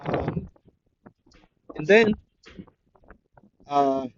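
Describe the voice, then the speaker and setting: A man's voice: on the high side, animated, very slow, muffled recording, slight background noise. A man improvising a fan story aloud, rambling and hesitant, with many fillers.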